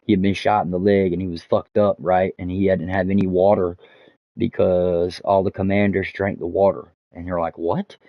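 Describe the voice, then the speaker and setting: A man with a very low voice tells a long story as he streams, stumbling through fillers and restarts and swearing freely. His mic sounds dull and lo-fi, in a dry room with no echo. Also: flat delivery, moderate pace. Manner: rambling, many fillers and restarts, swears often. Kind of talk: casual storytelling while gaming. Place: home streaming setup.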